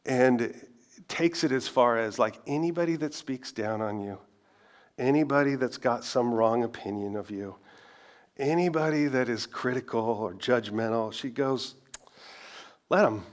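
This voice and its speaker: A middle-aged man preaching a sermon from the pulpit, talking to the congregation as if in conversation. He keeps asking rhetorical questions and drops in self-deprecating asides, at a medium pitch. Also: normal speed. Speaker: pastor.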